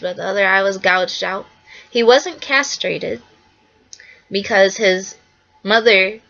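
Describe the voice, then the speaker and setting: A young woman with a bright, forward voice talks through her subject in a casual, earnest way, repeating key points. The recording sounds dull and lo-fi. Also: medium pitch. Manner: earnest, repetitive, acts out quotes. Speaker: artist presenting her work. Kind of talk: casual spoken presentation.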